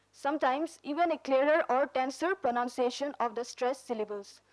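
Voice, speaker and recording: A woman's voice: high voice, low-quality recording. A woman presenting a workshop lecture, mixing two languages as she explains terms and examples. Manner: switches between Karbi and English, explains with examples. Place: conference room.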